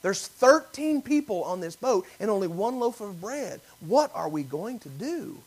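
A man preaching a sermon, acting out biblical voices and swinging from loud emphasis to near whispers. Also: high-pitched, sing-song, measured pace, low-quality recording. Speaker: pastor.

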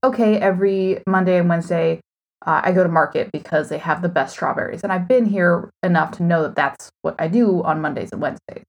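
Husky-voiced woman co-hosting a podcast with dry humor. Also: on the low side, brisk. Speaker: podcast co-host. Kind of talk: casual podcast chat. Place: hotel room.

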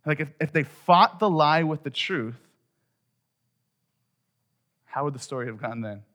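A pastor in middle age delivers a sermon in a conversational manner, his medium-pitched voice sinking quiet before climbing to loud emphasis.

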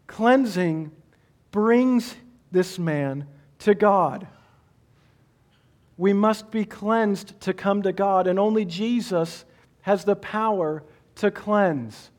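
Guy preaching a sermon, pretty high voice, acts out the voices in the story. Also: a little mellow. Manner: dramatic storytelling, acting out quoted voices. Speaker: pastor.

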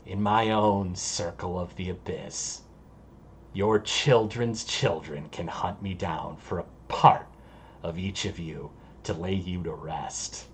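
A man growling as a hushed ancient demon. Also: sits low, slight background noise, voice pushed down. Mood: ominous farewell. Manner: slow, hushed, ominous. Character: ancient male demon, sly, menacing. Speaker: game master voicing a character. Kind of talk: tabletop game role-play.

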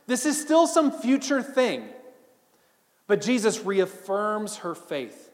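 A man preaching a sermon as a pastor, swinging from emphatic bursts to hushed, almost whispered moments. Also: high voice, in a large hall.

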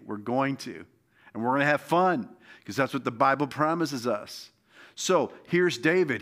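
A man's voice: mid-range voice, a bit bright. A man preaching a sermon as pastor, impassioned and exhorting, often urging his listeners on. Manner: impassioned, exhorting, repeats "come on" and "all right".

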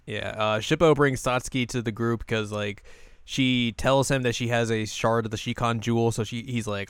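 A man co-hosting a casual chat, recapping a cartoon episode and acting out the characters' lines in quick put-on voices. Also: mid-range voice, smooth, no room sound, clean studio sound. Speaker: podcast co-host.

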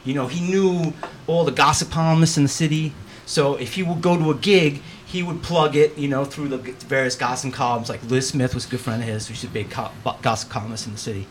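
A man telling stories as a guest in casual, profane, animated chat. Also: mid-range voice, brisk, a little hiss or hum.

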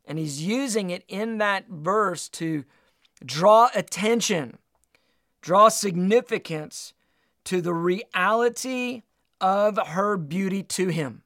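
A man's voice: high-pitched, takes it slowly, a bit bright, no room sound, clean studio sound. A man preaching a sermon, reading scripture aloud and teaching with emphatic delivery.

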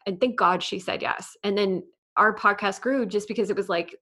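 Podcast guest, woman, New York accent, slight lisp, animated storyteller, lots of "like". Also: mid-range voice, normal speed. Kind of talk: casual interview chat.

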